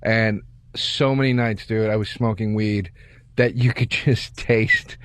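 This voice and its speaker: A man's voice: fairly low pitch, fairly even intonation, unhurried, a bit bright, no echo. A man co-hosting a podcast, telling self-mocking stories in a laid-back way in casual chat at a studio mic. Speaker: podcast co-host.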